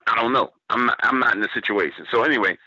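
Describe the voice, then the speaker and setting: A man's voice: lowish voice, fast talker, pushed and bright, breathy edge, no echo, lo-fi sound. A man from New Orleans with a Southern accent, telling a story on a radio show and quoting what others said to him. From New Orleans, Louisiana, US. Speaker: guest storyteller.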